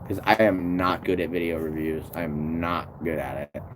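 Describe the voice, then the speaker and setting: A man's voice: a bass voice, fairly even intonation, moderate pace, background noise. A man chatting casually on a live stream, rambling and swearing freely as he answers viewers' comments. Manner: rambling, swears a lot, restarts sentences. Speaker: tree climber streaming to viewers.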